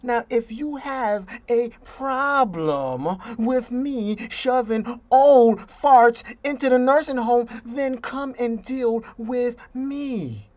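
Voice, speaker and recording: A vlogger putting on an impression of a blunt, tough-talking governor, drawing the words out slowly and defiantly. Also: medium pitch, darkish tone, highs cut off, close to an everyday voice.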